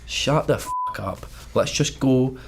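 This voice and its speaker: A man's voice: medium pitch, takes it slowly. A Scottish man reacting to film clips in a casual chat, joking, swearing and rambling. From Scotland. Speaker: guest reviewer.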